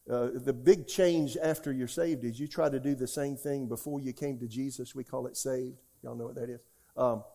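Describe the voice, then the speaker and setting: Mellow-voiced older male pastor preaching. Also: medium pitch. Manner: emphatic preaching, checks in with the congregation. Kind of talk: sermon.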